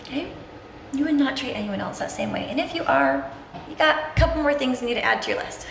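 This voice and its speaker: A woman's voice: high voice, animated, fast, creaky, slight background noise. A woman giving a motivational self-help talk to camera at home, earnest and coaxing, often checking in with "okay?". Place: at home, moving to a bathroom mirror. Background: young children nearby.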